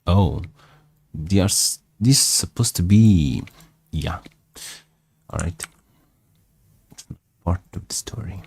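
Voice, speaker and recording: A man's voice: deep voice, slow, creaky, pauses often, darkish tone, husky. A man reading a novel aloud for English learners, stopping to check words and repeat their pronunciation. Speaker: English teacher.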